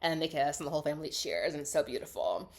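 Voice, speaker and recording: A young woman with a fairly low voice talks through a movie plot in a loose, chatty way, peppering everything with "like". She jumps from loud, gushing excitement to quiet, half-whispered asides. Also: quick pace. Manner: chatty, lots of "like", swings between loud gushing and hushed asides. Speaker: film recap vlogger. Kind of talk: casual spoken film recap.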